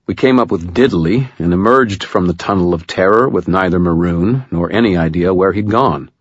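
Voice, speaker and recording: Male audiobook narrator, very low, husky voice, dry wry delivery, muffled recording. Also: moderate pace, dry recording. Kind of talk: first-person scripted narration.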